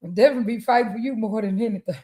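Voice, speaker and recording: A woman co-hosting a casual talk show, chiming in with quick remarks. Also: fairly high pitch, dark tone. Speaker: co-host. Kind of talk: casual chat.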